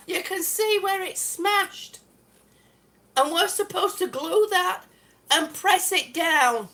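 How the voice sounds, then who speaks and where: A woman with a very high voice, on a live stream at home, looks over damaged tiles at an unhurried pace. Her tone is exasperated and sarcastic, and she swears now and then. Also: sharp tone. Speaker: vlogger. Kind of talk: live-stream product complaint. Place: home, indoors.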